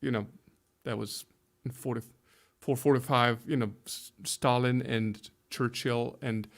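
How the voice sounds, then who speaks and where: A man's voice: mid-range voice, fairly even intonation, measured pace, creaky. Hungarian guy in his 50s, careful english, lots of restarts, searching for words. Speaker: guest, pastor. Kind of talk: conversational interview.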